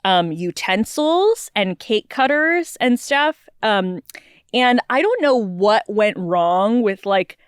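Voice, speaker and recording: A woman's voice: mid-range voice, animated, takes it slowly, smooth, no echo, studio quality. A young woman co-hosting a casual talk podcast, telling a funny story with lots of laughing. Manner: laughs often, tells stories with quoted voices. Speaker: podcast co-host. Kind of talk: casual chat.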